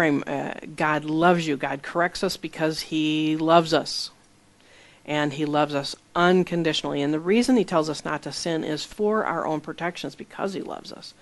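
Earnest conversational Bible teacher. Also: medium pitch. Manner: earnest, reads scripture then explains it plainly; tells personal stories with small laughs. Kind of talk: conversational sermon.

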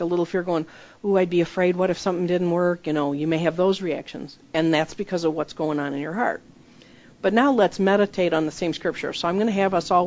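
A middle-aged woman preaching a sermon and leading a guided visualization, acting out voices in the story. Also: a little mellow. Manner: leads guided visualization, acts out quoted voices with rising pitch. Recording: dull lo-fi recording.

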